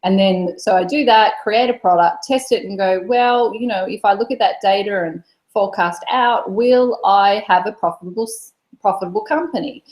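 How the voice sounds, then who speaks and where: A woman from Australia with an Australian accent softened by years in the UK, answering interview questions in a friendly, brisk way. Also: mid-range voice, reverberant, poor audio. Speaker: guest expert.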